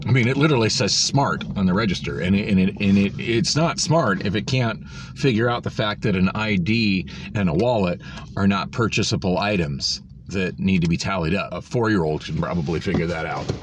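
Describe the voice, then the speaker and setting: This vlogger's voice is low-pitched and fairly quick, set against a noisy background. Recording on his phone, he tells the story of a store visit as an exasperated, sarcastic rant, cursing freely.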